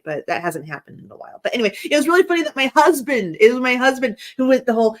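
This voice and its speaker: A woman's voice: a little high, quick pace, hardly any pauses. Congested woman guest, rambling and laughing, call audio. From United States. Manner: rambling, laughing, self-correcting. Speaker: paranormal investigator guest. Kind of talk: casual chat.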